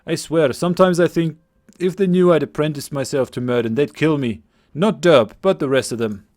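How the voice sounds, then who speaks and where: A man's voice: a little high, normal speed, darkish tone, lightly acted. A man voicing a young male apprentice with an overdone put-on Scottish accent, talking anxiously and earnestly.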